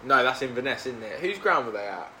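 A man's voice: mid-range voice, expressive, fast, pushed and bright, slight background noise. A man hosting a casual podcast chat with his mates, telling a story and acting out what people said. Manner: chatty storyteller, acts out quotes. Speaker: podcast host.

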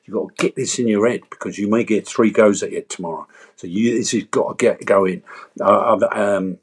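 Husky, low-voiced man telling stories. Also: moderate pace. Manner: animated storyteller, acts out voices and quotes. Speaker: actor and entertainer, guest. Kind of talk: casual interview chat.

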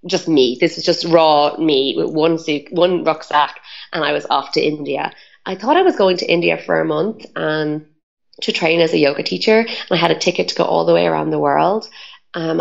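A woman's voice: low voice, creaky, lo-fi sound. A woman telling her story as an interview guest, chatty and full of "like" and "um" fillers. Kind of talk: casual storytelling.

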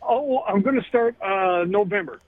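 A man's voice: high voice, normal speed, dry recording. A man calling into a radio show, cheerful and enthusiastic. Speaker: radio caller. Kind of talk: phone-in chat. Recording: phone line.

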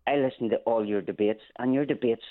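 A man from England calling in to a radio show, speaking earnestly and haltingly with many restarts. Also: mid-range voice. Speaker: caller. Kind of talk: phone-in call. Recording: phone line.

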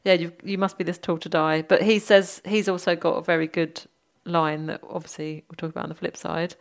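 A woman's voice: lowish voice, level tone, brisk, creaky. A woman co-hosting a podcast from home, chatting casually and teasing with frequent giggles. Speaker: podcast co-host. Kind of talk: casual chat. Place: home with a dog nearby.

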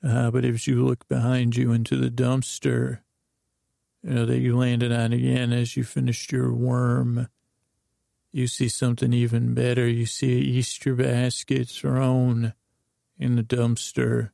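A man hosting a podcast, telling a meandering bedtime story in a drowsy, rambling monotone full of fillers. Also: mid-range voice, a little slow, creaky, dry recording, clean studio sound. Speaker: podcast host.

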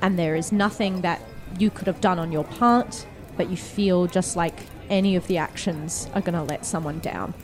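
A woman running a tabletop roleplaying game, relaxed and laughing often. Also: on the low side, moderate pace, hardly any pauses, faint music behind. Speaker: game master.

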